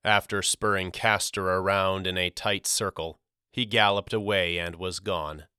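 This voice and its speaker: Slow, bright-voiced male audiobook narrator. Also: deep voice, steady tone, clean tone, no echo, studio quality. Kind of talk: scripted narration.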